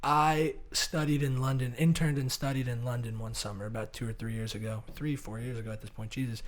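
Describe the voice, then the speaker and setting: Young guy on a podcast, telling a story, does the voices of people he quotes, mid pitch. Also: fairly quick. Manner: animated, acts out quoted voices. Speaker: podcast co-host. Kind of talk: casual storytelling chat.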